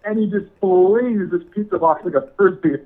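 A man's voice: high-pitched, moderate pace, narrow, tinny audio. A man telling a funny story in casual chat, laughing often and saying "dude" a lot. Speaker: podcast guest.

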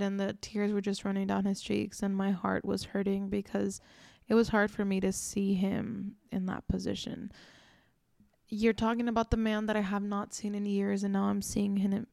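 Low-key gravelly woman telling her story. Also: a little mellow, no echo, studio quality. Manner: earnest, reflective, frequent "like" and "you know". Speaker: podcast host. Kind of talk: personal storytelling monologue.

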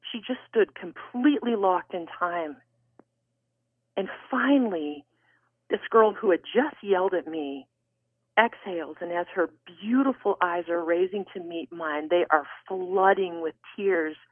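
A woman guest author telling a personal story in an interview, animated and expressive. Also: on the low side, unhurried, no room sound. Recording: tinny phone line.

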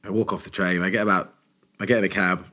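Man, deep voice, casual storytelling, acts out quotes. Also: fast. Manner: animated anecdote teller, acts out quotes. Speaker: podcast co-host telling a story.

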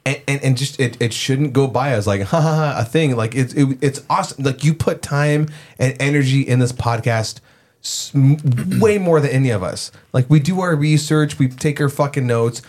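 A man's voice: medium pitch, moderate pace. A man co-hosting a podcast in casual chat, telling stories with lots of swearing and animation. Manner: animated, profane, storytelling. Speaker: podcast co-host.

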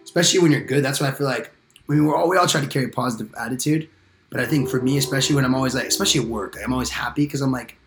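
Young dude rambling fast in slang, echoey room, chill podcast chat. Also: male voice, medium pitch, slight background noise. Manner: laid-back, slangy, rambling. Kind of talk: casual chat among friends.

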